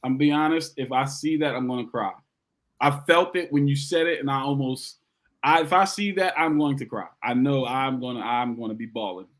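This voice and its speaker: Man, podcast co-host, casual football predictions, animated, repeats lines for emphasis. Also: medium pitch, fairly quick. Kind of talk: casual sports chat.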